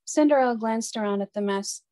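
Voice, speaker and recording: A woman reads a children's storybook aloud, clear and expressive in her telling. Her voice sits fairly high for a woman, with an easy, steady pace. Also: fairly quick.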